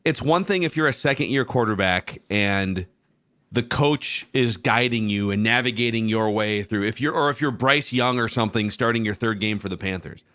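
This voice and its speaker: A man's voice: on the low side, normal speed, fairly bright tone. A man hosting a sports podcast, telling a rambling story and poking fun at himself. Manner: rambling, self-deprecating storyteller. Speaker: podcast host. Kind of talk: casual sports talk.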